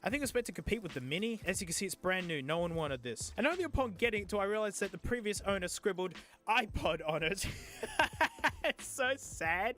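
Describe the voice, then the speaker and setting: A man hosting a casual product-review vlog, excitable, joking and sarcastic as he talks. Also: high-pitched. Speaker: host.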